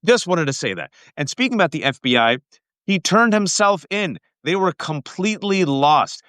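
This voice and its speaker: A male podcast host giving emphatic, sarcastic political commentary with quick asides. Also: on the high side, animated, a bit bright, no room sound.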